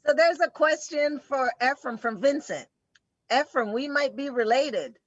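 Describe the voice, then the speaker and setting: A woman's voice: sits high, lively intonation, unhurried, dry recording, highs cut off. A woman hosting a casual chat, upbeat and playful, reading out viewer questions. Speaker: host.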